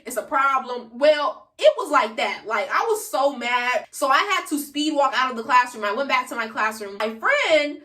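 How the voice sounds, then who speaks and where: Teen girl, chatty storytime vlog, bright lively voice, echoey room, a bit away from the phone mic. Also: high-pitched, moderate pace, few pauses, distant mic. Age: late teens. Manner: chatty, slangy storytelling, addresses viewers directly. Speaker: vlogger. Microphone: phone camera.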